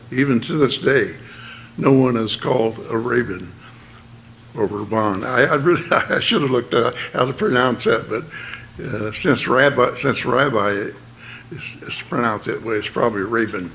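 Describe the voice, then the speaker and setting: A man giving a sermon, explaining plainly in a halting way with many fillers and restarts. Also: mid-range voice, gravelly, a bit bright. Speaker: church speaker.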